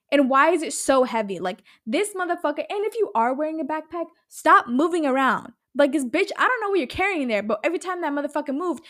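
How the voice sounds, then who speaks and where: A woman hosting her own podcast, talking casually in an animated, rambling way and swearing a lot. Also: sits high, dry recording, clean studio sound. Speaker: podcast host. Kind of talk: casual solo podcast chat.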